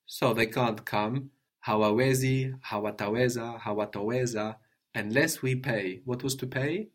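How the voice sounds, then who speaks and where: A man teaching a language lesson, patiently prompting his student with questions and gently correcting answers. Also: medium pitch, a little slow.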